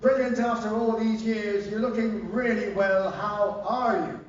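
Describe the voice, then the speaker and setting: A fawning, overeager middle-aged man, as a man puts him on during a live show. He gushes slow, syrupy flattery. The voice echoes in a big hall and sounds dull and far off. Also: sits high, slight background noise. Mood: gushing.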